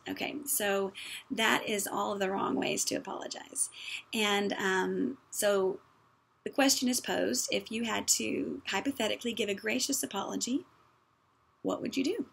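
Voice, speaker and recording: A woman's voice: mid-range voice, normal speed, gravelly, slightly rough. A woman giving a practical church-style talk in a conversational, folksy way, with many fillers. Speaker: speaker teaching on apologies.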